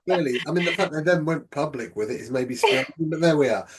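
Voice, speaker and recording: A man's voice: on the high side, expressive, a little fast, husky. A man co-hosting a casual podcast, teasing his co-host with dry humor. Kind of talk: casual chat.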